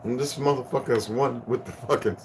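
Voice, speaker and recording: A man in his fifties giving a rambling spiritual rant to his viewers, profane and preachy, swinging from loud bursts down to hushed tones. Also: medium pitch, brisk, a little hiss or hum. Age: 50s. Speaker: vlogger.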